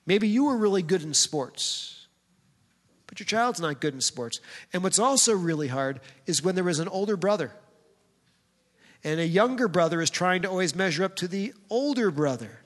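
Male pastor, high voice, chatty storytelling sermon, long hall echo. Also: lively intonation, normal speed. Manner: conversational, storytelling, talks directly to the congregation.

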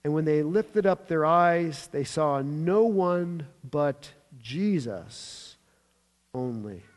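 High-voiced preacher in a reverberant hall. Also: male voice, slow pace. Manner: animated storytelling, emphatic, with light humor. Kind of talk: sermon. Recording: long reverb of a large hall.

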